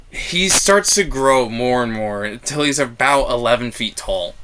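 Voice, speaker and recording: A man narrating a tabletop role-playing game as game master, animated and laughing at times. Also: medium pitch, slight background noise.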